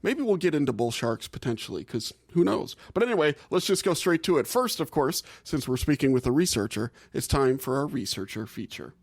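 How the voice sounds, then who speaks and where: A man's voice: medium pitch, very animated, brisk, few pauses, husky. A man hosting a casual podcast, talking emphatically with a jokey, self-deprecating manner. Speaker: podcast host.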